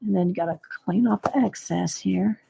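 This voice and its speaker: A woman's voice: lowish voice, moderate pace, creaky, noisy background. A woman hosting a casual live coloring tutorial, thinking aloud as she works and greeting viewers by name. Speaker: livestream host demonstrating coloring.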